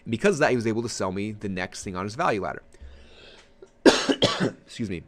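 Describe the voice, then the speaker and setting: A man presenting a marketing webinar in an energetic, conversational way, often checking in with his audience. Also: on the low side, fairly quick.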